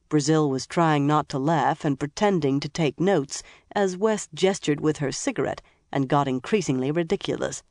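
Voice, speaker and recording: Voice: medium pitch, normal speed, hardly any pauses, darkish tone, no room sound. Dry, close audiobook narrator. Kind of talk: scripted narration.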